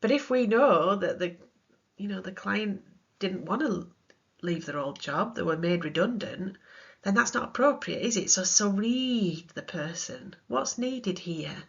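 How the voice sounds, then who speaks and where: A woman's voice: medium pitch, animated, a little slow, gravelly, slightly rough. A British woman, a counselling trainer, giving a chatty recorded lesson full of examples. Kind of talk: recorded teaching talk. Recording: dull lo-fi sound.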